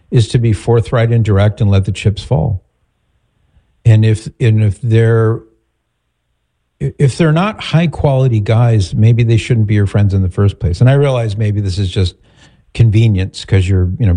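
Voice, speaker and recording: A man hosting an advice talk, answering a caller calmly and directly. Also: lowish voice, slightly rough. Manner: calm, direct, advising. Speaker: host giving advice.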